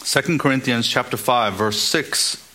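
A man's voice: mid-range voice, normal speed, sharp tone. A male pastor preaching a sermon, emphatic, with rising exclamations and scripture readings.

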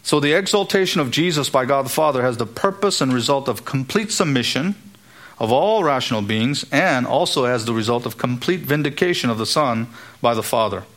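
A man's voice: medium pitch, expressive, a little fast, fairly bright tone. A man preaching an expository sermon in an earnest, emphatic way, now and then acting out the voices he quotes.

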